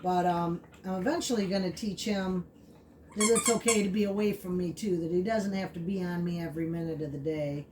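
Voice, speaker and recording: A woman explaining puppy training in a casual, chatty way, full of fillers, switching to high baby talk for the dog. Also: fairly even intonation, fairly quick. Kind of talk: casual vlog narration. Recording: distant mic with clear background noise.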